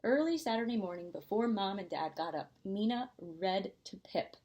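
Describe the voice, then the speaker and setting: A woman, a preschool teacher, reading a picture book aloud in a gentle storytime voice. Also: mid-range voice, expressive, moderate pace, muffled recording.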